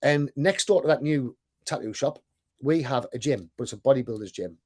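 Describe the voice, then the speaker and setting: A man's voice: mid-range voice, expressive, brisk, a little mellow. A man with a thick accent gives a casual sales presentation, chatty and self-deprecating, often checking in with "right?". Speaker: online sales coach and business owner.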